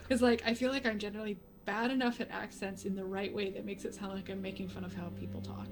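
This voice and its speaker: A woman's voice: medium pitch, fast talker, over music. A woman talking as a guest in a casual chat, telling stories with frequent laughter. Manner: laughs often, animated storytelling.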